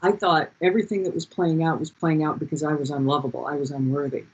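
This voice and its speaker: Passionate session leader, husky voice, dull lo-fi call audio, repeats key lines. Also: mid-range voice, little pitch movement, fast talker. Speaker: speaker leading a group session. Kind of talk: heartfelt motivational talk. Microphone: video call.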